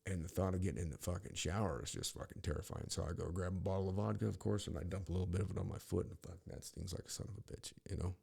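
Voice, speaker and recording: Gravelly deep-voiced man telling stories. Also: steady tone, rapid-fire, few pauses, a little mellow. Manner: profane, rambling, with frequent restarts. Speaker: podcast host. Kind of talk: casual storytelling monologue.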